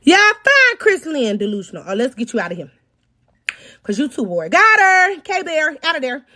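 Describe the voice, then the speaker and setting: Animated high-voiced woman telling a story. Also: moderate pace. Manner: animated, swings between low mutters and loud outbursts; talks to her audience directly. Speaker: storytelling podcast host. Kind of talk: casual storytime chat.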